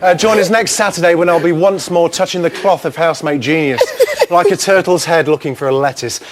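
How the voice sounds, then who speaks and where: A man's voice: on the high side, brisk, background noise. A man hosting a comic TV segment, boisterous and mock-outraged. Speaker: guest presenter.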